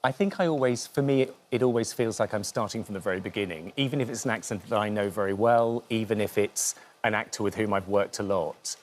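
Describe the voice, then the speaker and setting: A man's voice: on the low side, fairly quick, few pauses, slight background noise. A man with a light Norfolk accent, a dialect coach talking thoughtfully in a TV interview, often restarting his sentences. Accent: Norfolk English. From Norfolk, England. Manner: thoughtful, hesitant with many restarts. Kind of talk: TV studio interview.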